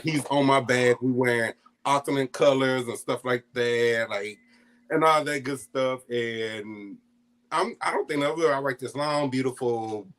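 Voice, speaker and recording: Male storyteller, casual and animated, mid-pitched, laughs a lot, acts out the quotes. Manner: animated, laughs often between lines; acts out quoted family voices. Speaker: guest storyteller.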